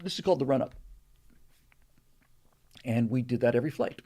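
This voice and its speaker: A man's voice: medium pitch, a little fast. Man ranting sardonically on a live stream. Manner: rambling, sardonic, gets heated and loud when ranting, mimics pilot radio calls. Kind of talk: casual monologue and rant.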